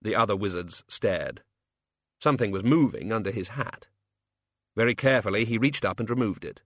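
A man's voice: on the low side, lively intonation, normal speed, a bit bright, dry recording. Man reading an audiobook, dry close sound. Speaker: audiobook reader. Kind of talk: scripted narration.

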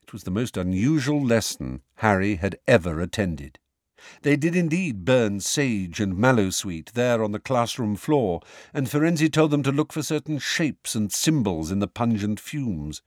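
A man narrating an audiobook with expressive storytelling. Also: on the low side, unhurried, dry recording, studio quality. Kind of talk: scripted narration.

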